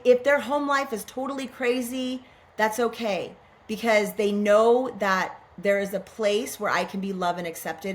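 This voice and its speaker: A woman's voice: medium pitch, slight background noise. A middle-aged woman guest on a podcast, talking in an earnest, musing way and often asking herself questions aloud. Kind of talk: reflective spiritual conversation.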